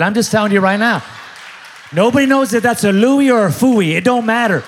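A man preaching a sermon as pastor before a large church, animated and jokey, acting out other people's voices. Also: high voice.

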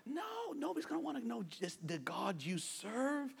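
A man preaching a sermon to his congregation, playful and animated, urging them to answer back with amens. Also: very high-pitched, normal speed, creaky, slightly rough. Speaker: pastor. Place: church sanctuary with a congregation. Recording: long reverb of a large hall.

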